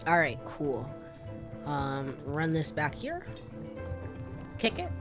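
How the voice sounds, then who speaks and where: A woman who is sick talks through a game in a relaxed, unhurried way, drifting between mutters and fillers. Her pitch sits low but moves around expressively. Faint music plays underneath. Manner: laid-back, mumbling with fillers. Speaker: let's play streamer. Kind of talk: casual gameplay commentary.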